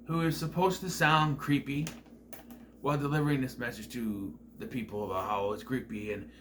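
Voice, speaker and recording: A man's voice: mid-range voice, a bit bright, a little hiss or hum. A man giving a casual spoken movie review, exasperated and swearing often. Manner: exasperated, profane ranting.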